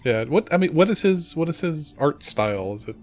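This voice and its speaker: Halting man chatting at the gaming table. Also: fairly high pitch, sing-song, soft background music. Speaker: player. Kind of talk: casual chat at a tabletop game.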